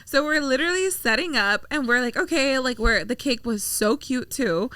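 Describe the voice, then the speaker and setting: An excitable young woman co-hosting a podcast, chatting casually with a lot of playful energy. Her voice is very high and bright. The sound is close and dry. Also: moderate pace, clean tone, dry recording. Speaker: podcast co-host. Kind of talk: casual chat.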